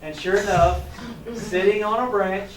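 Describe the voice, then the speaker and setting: A man's voice: high voice, unhurried, slight background noise. A man reading a picture book aloud to children, stopping to ask them questions. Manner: animated, asks questions, chuckles. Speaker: teacher trainer reading aloud. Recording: echoey room, distant mic, faint ambience.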